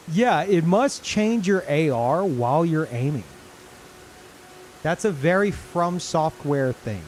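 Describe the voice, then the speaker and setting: A man's voice: on the high side, expressive, takes it slowly, noisy background. A man streaming a game live, reacting in disbelief, swearing often and laughing a lot. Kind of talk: live gameplay commentary.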